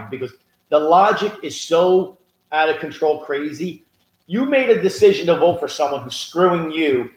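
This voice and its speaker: Animated man ranting on a roomy podcast. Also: on the high side. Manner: animated storyteller, rising emphatic rants. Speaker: podcast co-host. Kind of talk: casual political chat. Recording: roomy echo.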